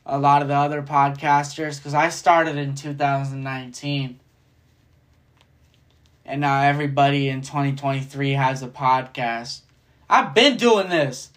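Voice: mid-range voice, fairly bright tone. Profane rambling podcast ranter. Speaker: podcast host. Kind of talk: casual solo rant.

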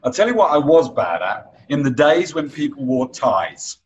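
A man's voice: mid-range voice, very animated, normal speed, dull audio. A man hosting a podcast interview, chatty and anecdotal, who laughs easily. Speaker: podcast host.

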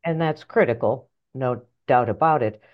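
A middle-aged woman author and life coach telling her story in an interview, animated and blunt, acting out voices in her head. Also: very deep voice, normal speed, highs cut off. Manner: animated, acts out inner voices, earthy phrasing.

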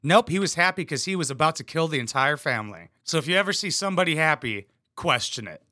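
A young man riffing over a reality show clip, dropping crude jokes in a deadpan, sarcastic tone. His voice is bright and forceful, a little high for a man, and the sound is dry and close. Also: fast talker, no room sound. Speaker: reaction commentator.

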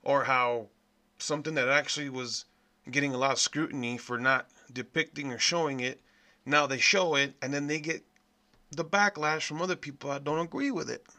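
A man hosting a podcast, delivering a profane, blunt, animated rant in a casual monologue. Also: mid-range voice, moderate pace. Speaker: podcast host.

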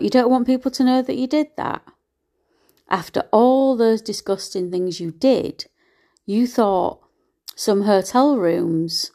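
Give me a blunt, profane woman ranting. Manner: animated, with sudden pitch jumps. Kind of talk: ranting monologue to camera.

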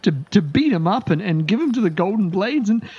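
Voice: medium pitch, expressive, brisk, breathy edge, highs cut off, pitched above the performer's own voice. A game master voicing a nervous, stammering male elf thug who failed as an actor. He repeats words in panic.

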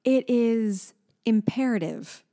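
A woman's voice: a little high, slow pace, dark tone. A pregnant woman in her thirties co-hosting a podcast, chatting casually and telling stories animatedly, sometimes voicing her toddler. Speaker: podcast co-host. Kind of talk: casual chat.

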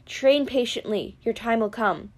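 A woman reading the part of a weary, kindly old male centaur teacher in a gentle, measured, grave way. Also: a little high. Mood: grave counsel. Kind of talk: audiobook character reading.

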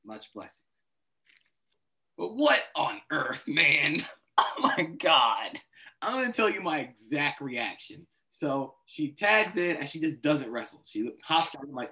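A man's voice: fairly high pitch, very animated, takes it slowly, bright, forceful tone. A man co-hosting a wrestling podcast, ranting in disbelief and acting out his own reactions. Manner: exasperated, acts out his reactions. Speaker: podcast co-host. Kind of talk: casual wrestling chat.

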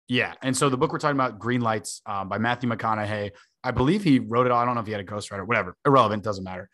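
A young man co-hosting a podcast, telling stories in a profane, joking, animated way. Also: on the low side, racing, no echo. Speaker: podcast co-host. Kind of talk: casual podcast banter.

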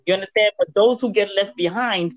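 Animated woman retelling a story. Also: medium pitch, a little fast, no room sound. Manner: animated storyteller acting out quoted dialogue. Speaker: podcast co-host. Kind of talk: casual faith chat. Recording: dull lo-fi dry recording.

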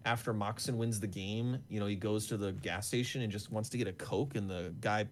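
A man's voice: lowish voice, steady tone, brisk, slight background noise. A man co-hosting a podcast, rambling and laughing as he chats about a movie. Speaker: podcast co-host. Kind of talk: casual movie chat.

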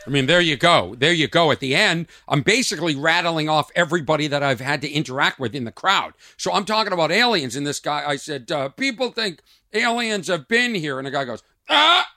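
A man hosting his own podcast, a comedian telling stories in an animated way and acting out exchanges. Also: on the high side, fast, hardly any pauses, dry recording, studio quality. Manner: animated storytelling, acts out exchanges. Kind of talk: casual podcast monologue.

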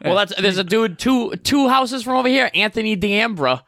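High-voiced animated storytelling man. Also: moderate pace, no echo, clean studio sound. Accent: New England. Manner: animated, acts out voices in stories. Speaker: podcast co-host, barber. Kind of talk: casual crude storytelling.

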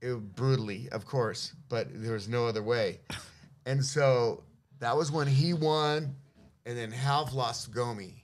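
A man's voice: mid-range voice, unhurried, slight background noise. Profane middle-aged man telling stories. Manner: profane, laughing, animated storyteller. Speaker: podcast guest. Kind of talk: casual anecdote telling.

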